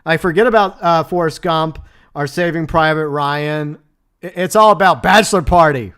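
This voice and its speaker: Male stream host, chatty and easygoing, with a clean, smooth voice pitched a little high; laughs often. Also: normal speed, fairly bright tone. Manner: chatty, laughs often, answers chat messages. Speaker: livestream host. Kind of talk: casual livestream chat.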